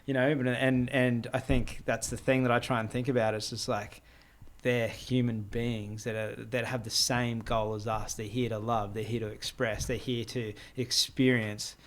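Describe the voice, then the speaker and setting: A man's voice: mid-range voice, level tone, moderate pace, a little hiss or hum. A man hosting a podcast, talking in a casual, reflective way with many fillers. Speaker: podcast host. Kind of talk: casual conversational interview.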